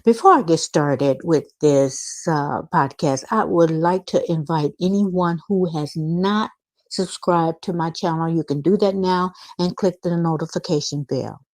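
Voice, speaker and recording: Woman host, casual podcast, reads news article, unhurried delivery, chatty asides. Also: on the low side, a little mellow, no room sound. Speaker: channel host.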